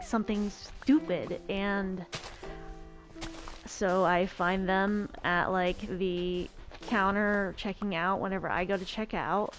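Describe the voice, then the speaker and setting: A young woman streaming, chatting casually as she plays a survival game, telling a rambling story full of stammered restarts. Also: mid-range voice. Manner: rambling storyteller who stammers and repeats words. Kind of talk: casual chat while playing a survival game.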